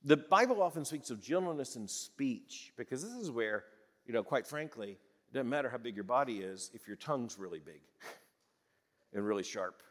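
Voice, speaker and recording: A man's voice: mid-range voice, lively intonation, normal speed, a bit bright, long reverb tail. A man in his sixties from the American South, preaching a sermon in a conversational, folksy way with chuckles and restarts. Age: 60s. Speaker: pastor.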